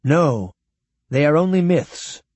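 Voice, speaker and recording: A man's voice: fairly high pitch, animated, slow, darkish tone, no echo, voice pushed up. A man voicing an insistent alien who keeps protesting that the old tales are true. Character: alien male Moti insisting on legends.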